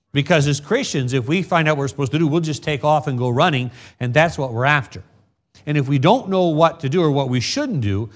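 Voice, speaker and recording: A middle-aged man from the United States preaching a sermon. He reads scripture in a slow, measured way, then drifts into folksy personal stories as a pastor. His voice sits at a moderate pitch for a man.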